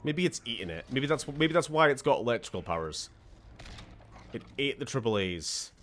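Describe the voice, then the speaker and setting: A man's voice: mid-range voice, big pitch swings, moderate pace, fairly bright tone, a little hiss or hum. A man from Scotland giving casual gameplay commentary as a streamer, sarcastic and jokey, swearing freely.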